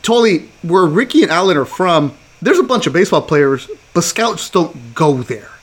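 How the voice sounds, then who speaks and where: A man's voice: on the high side, normal speed, breathy edge. A man hosting a podcast, chatting casually and teasing his guests. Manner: teasing, animated. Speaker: podcast host. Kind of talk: casual chat.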